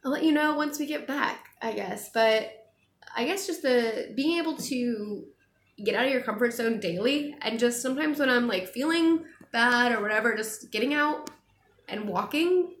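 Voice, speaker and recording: A young woman, a travel vlogger, chatting casually and animatedly while answering viewer questions on a live stream. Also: on the high side. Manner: chatty, animated, quick laughs. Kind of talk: casual chat. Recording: echoey room.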